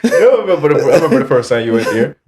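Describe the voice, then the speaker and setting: A man's voice: on the high side, sing-song, rapid-fire, a little mellow, breathy edge. A young man from Jamaica hosting a casual podcast chat, telling stories with lots of fillers. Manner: chatty storyteller, many fillers and laughs. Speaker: podcast host.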